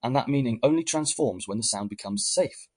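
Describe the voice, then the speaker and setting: Husky-voiced man, calm reflective narration. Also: mid-range voice, brisk. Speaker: podcast narrator. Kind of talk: scripted narration.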